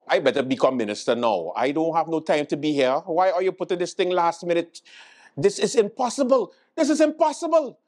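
A man's voice: a little high, lively intonation, fairly quick, a little mellow, voice pushed up, close to an everyday voice. A man impersonating an indignant male politician who demands to be made minister. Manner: whiny, exasperated complaining.

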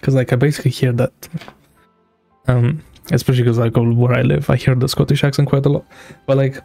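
Guy reacting to a game, gravelly low voice, rambles with tons of likes and you knows. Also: little pitch movement, brisk, dark tone, no room sound, faint music behind. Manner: rambling, heavy on filler words. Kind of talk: casual game reaction commentary.

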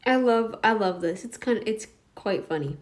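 A woman's voice: medium pitch, expressive, moderate pace, heavy background noise. A woman hosting a reaction video, rambling and laughing often, feeling mentally off. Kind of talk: casual commentary.

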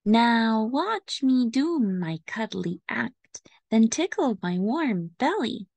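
A woman's voice: fairly high pitch, sing-song, creaky, no room sound, full character voice. A woman reading as a fussy pampered house cat. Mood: gentle. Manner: slow, gentle read-aloud delivery. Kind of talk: storybook reading.

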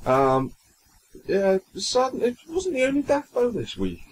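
A man's voice: very high-pitched, huge pitch swings, a little slow, a little hiss or hum, rough recording. A young man co-hosting a podcast, chatting casually and rambling through stories with frequent restarts. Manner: chatty, rambling, stumbles and restarts while recounting news. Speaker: podcast co-host. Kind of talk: casual chat.

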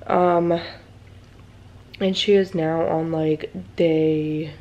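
A woman's voice: deep voice, steady tone, extremely slow, darkish tone. A young woman vlogging casually about her family, anxious and rambling with many fillers, in a groggy morning voice. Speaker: mommy vlogger. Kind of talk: casual vlog chat. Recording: dull lo-fi home recording.

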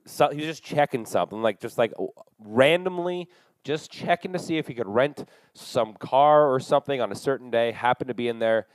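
A young man hosting a podcast, telling a long profane story in a casual, animated way and acting out the dialogue. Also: medium pitch, a little fast, dry recording, rough recording. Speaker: podcast host.

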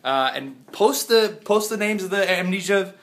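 A man chatting in a rambling, jokey vlog from his house, still sick, swinging from loud outbursts to mumbles. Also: high voice, animated, normal speed. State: sick, congested. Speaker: vlogger. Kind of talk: casual vlog chat.

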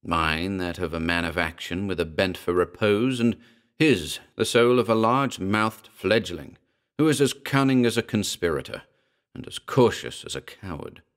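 A man's voice: deep voice, moderate pace. A man reading the part of a bitter, brooding writer who speaks in a tense, agitated way, in a horror audiobook.

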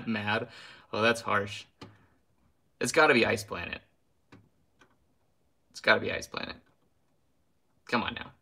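A man's voice: medium pitch, pushed and bright. A young man hosting a casual live stream, ranting with heat, then apologizing with a laugh and reading out viewer names. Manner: reads viewer names aloud.

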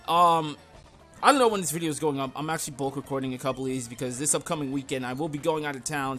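A young man hosting a game playthrough, rambling through stories and self-deprecating asides, then yelling at the game when battles go badly. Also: fairly high pitch. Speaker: gaming channel host. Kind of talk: casual game commentary.

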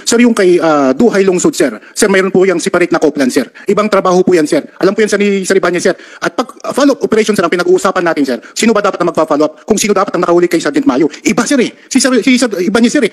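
A man testifying as a police officer in a hearing room, words tumbling out at a breakneck pace. His voice sits high for a man, and he is deferential, tucking a respectful "sir" after almost every phrase. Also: rapid-fire, few pauses.

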